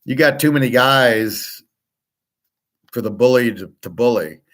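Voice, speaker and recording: A man's voice: mid-range voice, measured pace, fairly bright tone. A man delivering a blunt, profane monologue about markets, restarting and trailing off often. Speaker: sports betting and markets commentator. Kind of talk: ranting monologue.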